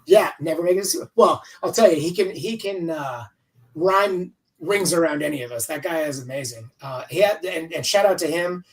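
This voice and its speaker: Far from the mic and in poor audio, a man in his fifties speaks at a moderate pace in a voice on the high side. He's a comics writer guesting on a video-call interview, chatting in a rambling, candid style and swearing freely.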